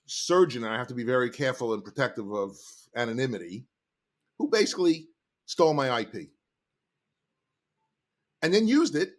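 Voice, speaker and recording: Animated, expressive middle-aged man. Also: mid-range voice. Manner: animated storytelling, emphatic. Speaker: sales trainer, podcast guest. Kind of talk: casual interview talk.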